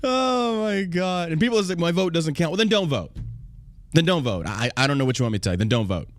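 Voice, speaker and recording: A man's voice: fairly high pitch, lively intonation, brisk. An American man hosting a podcast, talking in a casual, profane and combative way, often laughing. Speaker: podcast host.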